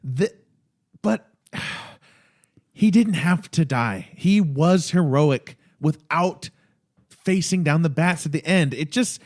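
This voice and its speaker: Animated male podcast co-host. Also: fairly high pitch, slow. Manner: emotional, animated, quotes scenes in a raised voice. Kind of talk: casual chat.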